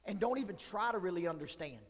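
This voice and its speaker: This youth pastor's voice sits high, and he talks fast and with plenty of animation. He's giving a sermon in a church hall, where a long reverb trails his words, and he keeps it candid and jokey for the young audience.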